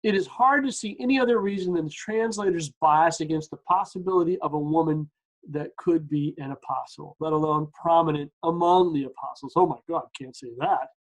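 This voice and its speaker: A man's voice: on the high side, brisk, rough recording. A man teaching a Bible study research night, reading quotes aloud with many asides and restarts. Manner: lively, quotes sources, frequent restarts and asides.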